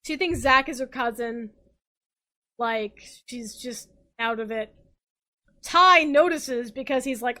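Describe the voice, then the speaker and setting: A tipsy woman hosts a comic podcast, retelling a story with frequent swearing and bursts of laughter. Her voice sits high and sounds bright and forceful. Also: a little slow, pauses often, poor audio. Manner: animated, swearing, laughing often. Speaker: podcast host.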